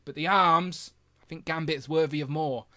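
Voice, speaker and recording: Guy hosting a toy stream, bright forceful voice, kinda high, chatty and excited. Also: moderate pace. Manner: chatty and enthusiastic, with frequent fillers; animated, with big jumps in loudness. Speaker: host of a toy review live stream. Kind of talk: casual live-stream chat.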